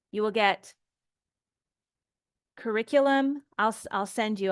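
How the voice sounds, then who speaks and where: Lady teaching english grammar real slow, smooth clear voice, step by step. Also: medium pitch, dry recording, clean studio sound. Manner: patient, explains step by step with example sentences.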